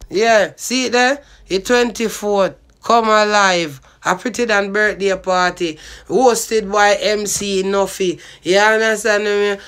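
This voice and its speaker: A man's voice: high-pitched, pushed and bright, clear, resonant tone. A man with a Jamaican accent rambling and swearing in patois as he promotes his own party. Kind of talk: rambling vlog monologue.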